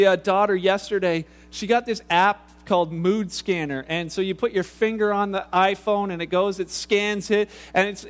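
Man in his thirties, high-pitched pastor, casual, animated sermon delivery. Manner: conversational, animated storytelling with acted quotes.

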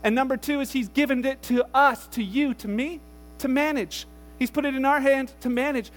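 High-voiced man preaching casually. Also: moderate pace, long reverb tail. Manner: animated storytelling, acts out voices, casual asides. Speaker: pastor. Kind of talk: conversational sermon.

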